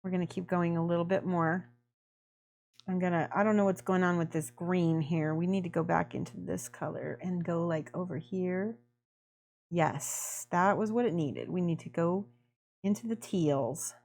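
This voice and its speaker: A woman's voice: on the low side, moderate pace, vocal fry, a little mellow. Woman, streamer, casual chat while painting, effusive, thanks viewers by name.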